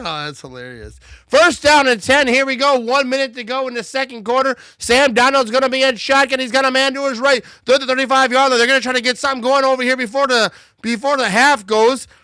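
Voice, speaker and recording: A man's voice: very high-pitched, fast, no echo, clean studio sound. A man hosting a live watch party, joking and calling plays, a bit tipsy. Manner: loud, joking play-by-play banter. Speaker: livestream host.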